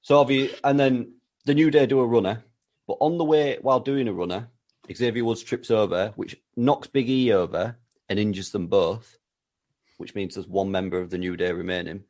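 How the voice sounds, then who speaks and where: A man co-hosting a podcast, building an absurd story with a deadpan, playful delivery. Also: lowish voice, normal speed. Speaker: podcast co-host. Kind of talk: comedic storytelling chat.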